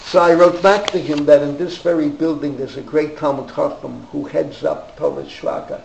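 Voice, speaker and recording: Gravelly older New man rambling. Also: a little high, steady tone, moderate pace, a little mellow. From New York. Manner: digressive, many fillers and restarts. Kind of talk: rambling anecdotal storytelling. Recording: roomy echo, faint background noise.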